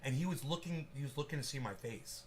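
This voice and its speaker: A man's voice: mid-range voice, fast, slight background noise. A man hosting his own channel, chatting casually in a rambling, profane way and laughing often. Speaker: channel host. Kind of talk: casual chat.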